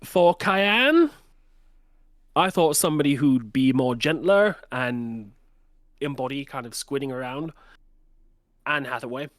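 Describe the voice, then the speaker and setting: A man's voice: mid-range voice, measured pace, pauses often, no echo, clean studio sound. A man in a book club chatting casually and animatedly, now and then putting on voices to make a point. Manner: animated, breaks into voices for examples. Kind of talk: casual chat.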